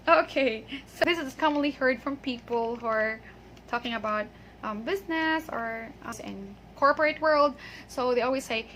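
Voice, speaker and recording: A high, bright female voice leads a pronunciation lesson. She says model words slowly and carefully and checks in often with "okay". A faint hiss of noise sits under the recording. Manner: patient, drawn-out model words and frequent "okay". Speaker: English pronunciation teacher.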